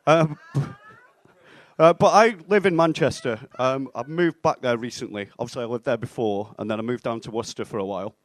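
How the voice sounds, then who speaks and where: A young man performing a stand-up set in a comedy club, with a deadpan, self-mocking delivery and acted-out bits of dialogue. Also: mid-range voice, a little fast, dry recording. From England (Stoke-on-Trent).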